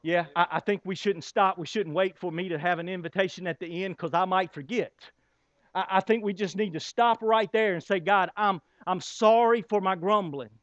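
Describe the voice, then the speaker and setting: Male pastor, high voice, sermon delivery with dramatic pauses, dry muffled recording. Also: fairly even intonation, a bit bright, no echo. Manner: preaching with dramatic pauses and rhetorical questions.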